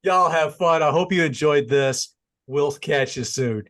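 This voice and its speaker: A man's voice: on the high side, unhurried, fairly bright tone. A man hosting a casual music and wrestling review show, talking in a rambling, laid-back way with frequent restarts. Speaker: show host.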